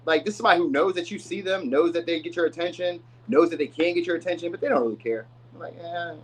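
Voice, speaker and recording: A man's voice: a little high, husky, low-quality recording. A man giving a casual, rambling tarot reading. He uses slang and often says "you know what I mean.". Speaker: tarot reader.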